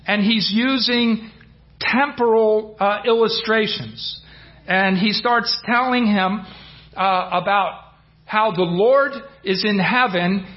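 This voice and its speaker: A man teaching from the Bible in an informal sermon, retelling a story with many fillers and restarts and acting out the quotes. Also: sits high. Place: church. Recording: dull lo-fi church audio.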